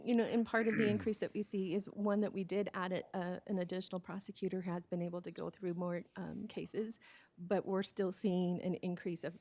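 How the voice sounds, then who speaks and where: Earnest woman with a mellow, even voice. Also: fairly low pitch, a little fast. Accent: American. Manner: steady and earnest, becoming emotional and hesitant. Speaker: victim services presenter at a county meeting. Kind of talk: reading a prepared report, then answering questions.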